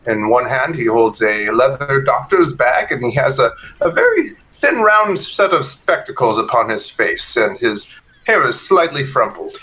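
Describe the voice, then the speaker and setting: A man's voice: mid-range voice, sing-song, a little slow, bright, forceful tone, poor audio. A man playing a tabletop game, describing his character with hesitant, filler-heavy speech. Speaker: player.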